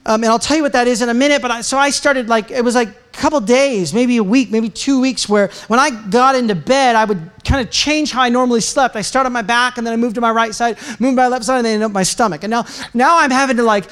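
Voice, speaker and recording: A man's voice: extremely high pitch, quick pace, hardly any pauses, a bit bright, clean tone. A middle-aged man, a pastor, giving announcements and a sermon in a church in a casual, joking way. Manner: casual, chatty, self-mocking humor. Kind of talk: sermon with announcements and a personal story. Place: church sanctuary.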